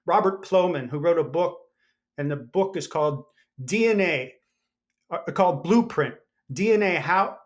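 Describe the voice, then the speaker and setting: Animated high-voiced man telling stories. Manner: animated storyteller acting out quoted voices. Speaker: podcast guest, former Navy SEAL. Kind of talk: storytelling in an interview.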